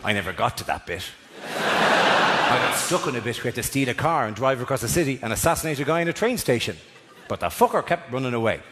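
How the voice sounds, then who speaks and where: A man with an Irish accent doing a stand-up routine, animated, swinging between loud shouted bits and quieter asides. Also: mid-range voice, fast talker, heavy background noise. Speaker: stand-up comedian. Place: theatre stage. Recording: live stage recording in a reverberant hall with audience.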